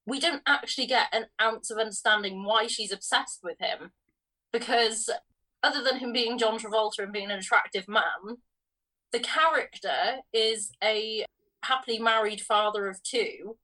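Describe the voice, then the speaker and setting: A woman's voice: fairly high pitch, moderate pace, bright, forceful tone, rough recording. A woman co-hosting a film podcast, talking through the plot with an incredulous, questioning manner. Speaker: podcast co-host. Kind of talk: casual film review chat.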